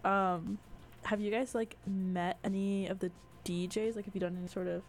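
A woman's voice: medium pitch, steady tone, normal speed, soft background music. A young woman co-hosting a college radio show, chatty and enthusiastic, laughing easily. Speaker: radio co-host. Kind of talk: casual radio chat.

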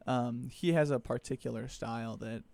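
Gravelly, easygoing young man. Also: mid-range voice, fairly even intonation, normal speed, a little mellow. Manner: hesitant, many ums, easygoing. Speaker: co-host. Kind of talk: casual chat.

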